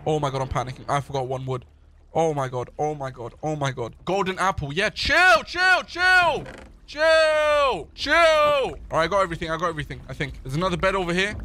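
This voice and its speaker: A male streamer giving excitable gaming livestream commentary, talking to his chat and shouting when he panics. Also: high voice, slight background noise.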